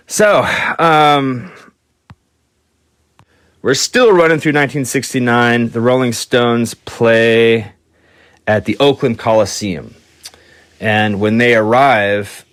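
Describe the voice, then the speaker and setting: A man hosting a podcast, telling a story casually with lots of fillers and restarts, jumping into quick voices for the people he quotes. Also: fairly low pitch, fairly bright tone, dry recording, clean studio sound. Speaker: podcast host.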